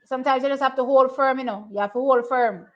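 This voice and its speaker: Excitable woman calling a race live. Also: high voice, fast. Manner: excitable, thinks aloud, repeats herself. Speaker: track and field watch-along host. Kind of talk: casual live race commentary. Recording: slightly muffled lo-fi audio.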